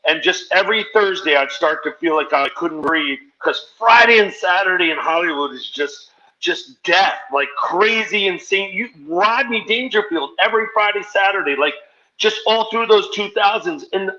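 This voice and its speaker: A man, a stand-up comedian, telling stories in a rapid, run-on way during a podcast interview. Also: high voice, pushed and bright, highs cut off. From New Jersey, US. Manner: rapid, run-on storytelling with acted-out quotes. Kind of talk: animated storytelling in a podcast interview.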